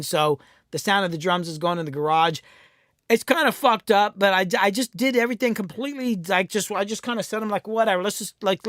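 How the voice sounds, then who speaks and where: A man with a high, light voice hosts a casual live stream about music production. He talks in a rambling, profane way, stops and restarts his sentences, and sounds close and dry in his home studio. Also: fairly bright tone, dry recording. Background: cats in the room.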